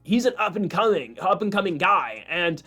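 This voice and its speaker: Man impersonating a fight commentator, male, middle-aged, earnest, emphatic, drawn-out, slightly high voice. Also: sing-song, sharp tone, faint music behind, full character voice.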